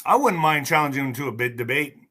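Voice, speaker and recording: Excitable man ranting on a livestream. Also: medium pitch, fast talker. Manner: excitable, mocking, rambling asides. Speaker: livestream host. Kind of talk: rambling political livestream.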